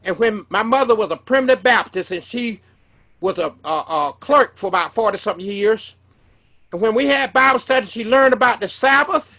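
A preacher with a very high, gravelly voice and a sharp tone speaks at a moderate pace. He earnestly tells a personal testimony as a sermon, often repeating himself and restarting his words.

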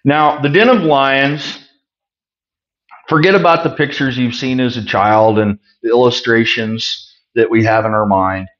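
A man's voice: medium pitch, unhurried, fairly bright tone. Conversational male Bible teacher, muffled sound. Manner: conversational, reads scripture then explains it plainly. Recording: muffled lo-fi recording.

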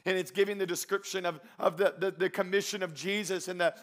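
A pastor preaching a sermon in a bright, fairly high voice. He swings from loud exhortation to quiet scripture reading and acts out the voices he quotes. The man's tone stays forceful even when he drops to a hush. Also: fast talker.

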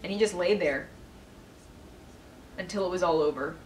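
A woman's voice: on the low side, moderate pace, a little mellow, reverberant, recorded from a distance, slight background noise, rough recording. A young woman answering viewer questions in a casual video, candid and emotional and swearing freely. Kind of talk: casual Q&A chat.

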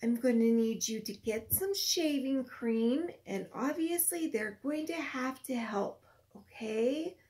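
A woman teacher reading a picture book aloud to a young child in a gentle, sing-song storytelling voice, then patiently explaining a project. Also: high-pitched, expressive, takes it slowly. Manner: patient, encouraging teacher talk.

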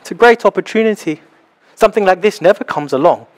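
A young man preaching a sermon in a small house church, animated and acting out little scenes as he talks. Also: sits high, fast talker. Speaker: pastor.

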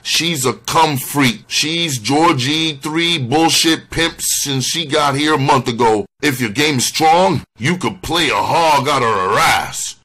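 Man playing a lisping gossipy barkeep, hushed, raised pitch. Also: full character voice. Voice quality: lisp. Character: lisping, catty male bartender.

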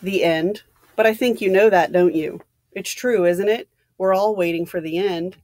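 Old soldier, gentle and grave, low-key; read by a woman. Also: steady tone, normal speed, no room sound, natural voice. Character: old male army general, quiet and weary.

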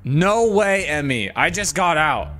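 Excitable man bossing his friends around. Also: on the high side, faint music behind. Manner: bossy, teasing, excitable, quick to laugh. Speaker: gaming YouTuber. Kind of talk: casual gameplay chat with friends.

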